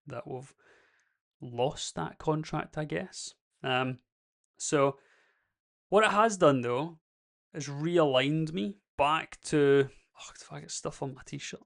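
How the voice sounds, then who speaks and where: A young Scottish man talks straight to his viewers in a casual, rambling vlog. His voice sits a little high and carries a gravelly rasp. He comes across as candid and pokes fun at himself. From Scotland. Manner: candid, rambling and self-deprecating. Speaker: YouTube creator.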